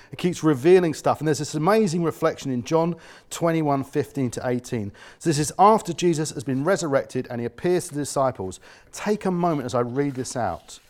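An earnest sermon comes from a male pastor with a mid-range voice. He alternates quiet moments with loud surges, often acting out the voices of the people he cites.

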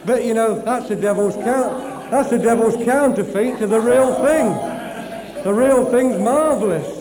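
A man's voice: very high-pitched, unhurried. A man giving a cheerful, chatty testimony at a church meeting. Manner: jovial, chatty, laughing. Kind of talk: personal testimony. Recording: echoey hall with long reverb, crowd.

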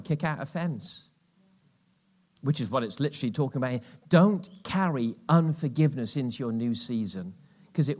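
Male preacher, mid-pitched, passionate, drops to near-whispers between bursts; live church sermon. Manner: emphatic, swings from loud exhortation to hushed asides. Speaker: pastor.

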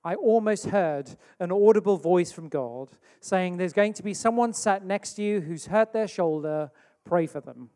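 A man's voice: sits high, normal speed, warm tone. A man from England preaching a sermon, telling a story with acted-out asides. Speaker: pastor. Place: church hall. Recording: long hall reverb.

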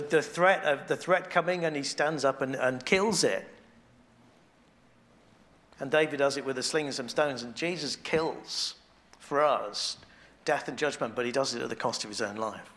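A man preaching a sermon in a conversational way, restarting phrases as he thinks aloud and growing quiet and intimate on devotional points. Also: mid-range voice.

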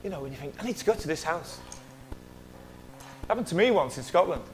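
A man's voice: fairly high pitch, animated, fairly quick, slight background noise, low-quality recording. A middle-aged man preaching a sermon as a pastor, telling a story in a chatty way and joking with the congregation. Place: church hall.

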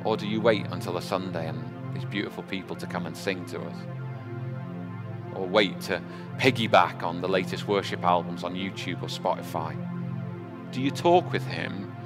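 Brief: male preacher, conversational sermon, reverberant hall, soft music underneath. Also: low voice, normal speed. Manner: conversational, asks the congregation rhetorical questions.

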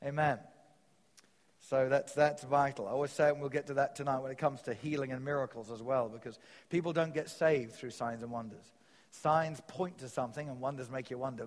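A man preaching a sermon, telling stories with quoted dialogue in an animated way. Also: medium pitch. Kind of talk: sermon teaching. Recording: long reverb of a large hall.

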